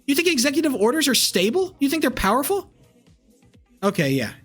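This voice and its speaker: A man's voice: very high voice, wildly swooping pitch, fairly quick, fairly bright tone, faint music behind. A man in his twenties, a streamer, ranting angrily at his live chat with lots of swearing and repetition. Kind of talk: heated rant to live chat.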